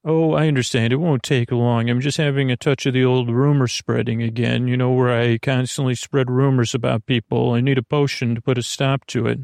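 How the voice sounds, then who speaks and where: A man's voice: mid-range voice, level tone, brisk, creaky, few pauses, darkish tone, no room sound, clean studio sound, lightly acted. A man voicing a chatty, meddling townsman who rambles eagerly in a sleepy improvised bedtime comedy story.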